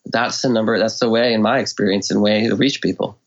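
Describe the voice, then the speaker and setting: A man as a podcast guest, explaining ideas in casual talk and often acting out quoted speech with lively swings in tone. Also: lowish voice, brisk, creaky, highs cut off. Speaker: guest expert. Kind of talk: conversational explanation.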